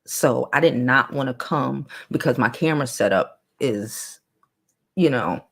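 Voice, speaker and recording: A woman with a deep, low voice chats casually to her livestream viewers. She talks bluntly, swears freely and reads their comments aloud in a softened tone. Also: a little slow, gravelly. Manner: putting on a lower, softer new voice. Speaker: livestream host.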